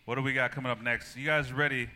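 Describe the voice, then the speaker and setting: A man's voice: medium pitch, steady tone, fast talker, noisy background. A man hosting a live comedy show at a small venue, upbeat and hyping up the crowd. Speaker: show host.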